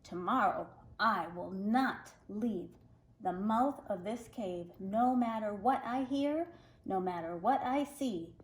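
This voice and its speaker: A woman's voice: medium pitch, slow pace, reverberant, natural voice. A woman reading aloud, voicing a boastful, furious male shark king in a storybook tale. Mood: brooding. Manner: raging, gloating.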